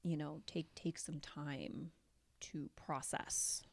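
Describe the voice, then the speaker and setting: A woman co-hosts a relaxed podcast conversation, her voice sitting a little low with a gravelly fry. She talks in a chatty, animated way, often slipping into other people's voices as she tells a story. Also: slow. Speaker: podcast co-host. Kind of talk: casual chat.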